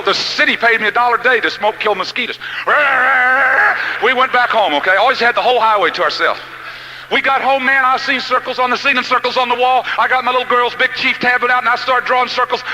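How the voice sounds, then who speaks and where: A middle-aged man telling stories in a folksy, animated speech, swinging from shouts to hushed lines. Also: extremely high pitch, a little hiss or hum, poor audio. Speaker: motivational speaker. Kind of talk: storytelling speech.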